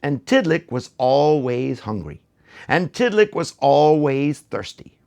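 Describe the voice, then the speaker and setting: A man's voice: on the high side, sing-song, takes it slowly, creaky, a little mellow, lo-fi sound. A man telling a folk tale to children, playful and theatrical, speaking straight to the audience. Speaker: children's storyteller. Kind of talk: animated storytelling for children.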